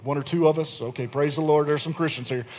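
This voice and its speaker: High-voiced pastor preaching to a church. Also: male voice, fairly even intonation, quick pace, a little mellow. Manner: conversational preaching, rising in force. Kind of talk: sermon.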